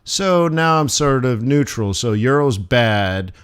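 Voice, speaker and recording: A man teaching forex on a live stream, thinking aloud over charts with playful asides and sudden animated bursts. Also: mid-range voice, takes it slowly, smooth. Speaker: forex trading instructor. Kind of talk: live trading stream commentary.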